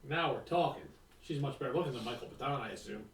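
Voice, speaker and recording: A man's voice: medium pitch, animated, quick pace, gravelly, far from the mic. A man playing a tabletop game, brash and wisecracking, speaking in character. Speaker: player. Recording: roomy, from off-mic.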